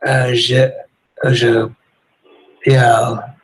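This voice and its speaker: A man voicing Moja, a confused caller who talks in halting, broken English and is hard to understand on a prank phone call. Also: mid-range voice, flat delivery, husky, pitched above the performer's own voice. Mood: insistent.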